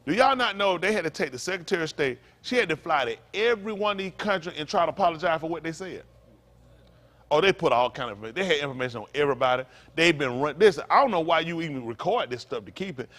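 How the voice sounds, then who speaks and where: A man's voice: a little high, expressive, quick pace, fairly bright tone. A man preaching to a congregation in a fiery, emphatic way, repeating his points and throwing in mocking asides. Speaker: pastor.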